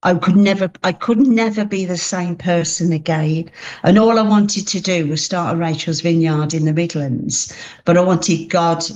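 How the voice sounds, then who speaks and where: A woman's voice: on the low side, steady tone, normal speed, darkish tone. A woman giving a heartfelt personal testimony as an interview guest, speaking earnestly and often restarting her sentences.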